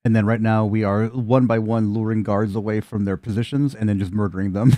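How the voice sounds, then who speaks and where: A man's voice: fairly low pitch, steady tone, brisk, dark tone, no echo. A man narrating a tabletop game as game master, casual and laughing between lines.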